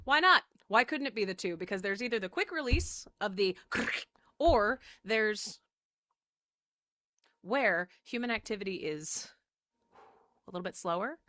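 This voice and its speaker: A woman voicing a patient female earth spirit who answers with calm, teasing questions. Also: mid-range voice, unhurried, pauses often, dry recording. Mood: wry.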